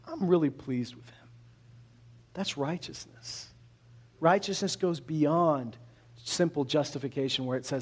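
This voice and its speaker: A man from Canada preaching a sermon in a conversational, animated way, full of rhetorical questions. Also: fairly high pitch, normal speed. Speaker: pastor.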